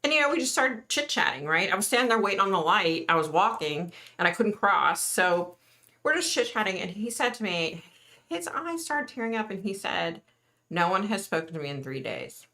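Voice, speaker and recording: Chatty middle-aged woman with a bright voice. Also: mid-range voice, very animated, moderate pace. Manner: chatty, earnest, reads and answers viewer comments. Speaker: livestream host. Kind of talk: casual livestream chat with viewers.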